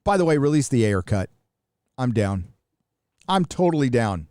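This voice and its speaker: A man's voice: medium pitch, very animated, normal speed, darkish tone, no echo. Middle-aged american guy ranting on his live stream, swears a lot, dry close sound. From United States. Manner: blunt, profane, rambling with restarts. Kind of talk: casual live stream commentary.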